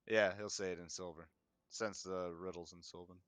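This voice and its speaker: Bright-voiced man playing a tabletop game. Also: fairly even intonation, moderate pace, no room sound. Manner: swears casually, mutters low. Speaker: player. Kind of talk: casual tabletop game chat.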